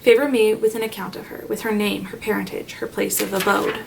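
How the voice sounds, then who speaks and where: A curt, defiant gentleman, voiced by a woman. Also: mid-range voice, flat delivery, a little fast, vocal fry, lightly acted. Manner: curt and commanding. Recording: slightly distant mic, faint noise.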